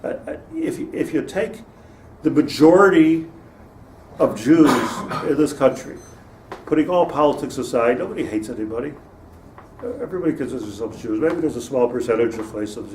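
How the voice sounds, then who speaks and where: Captured on a distant mic in a roomy space with faint noise, a male rabbi teaches an informal Torah class. He digresses, starts sentences over, and chuckles at his own jokes, speaking fairly quickly in a medium-pitched, somewhat dark voice.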